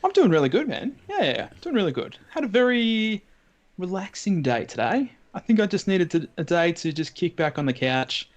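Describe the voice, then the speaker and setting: A man, a guest on a casual livestream, relaxed and easygoing, often chiming in with quick agreement. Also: sits high.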